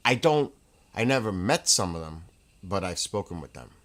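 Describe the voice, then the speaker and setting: Lower-pitched man telling rambling stories. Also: moderate pace. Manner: excitable, with laughs and restarts. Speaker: livestream host. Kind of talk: casual rambling storytelling. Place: home room with a fireplace.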